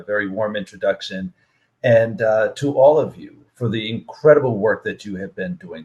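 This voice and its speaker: A man's voice: mid-range voice, highs cut off. Man giving a storytelling keynote. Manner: storytelling with lively voiced quotes. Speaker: keynote speaker. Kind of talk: public keynote speech.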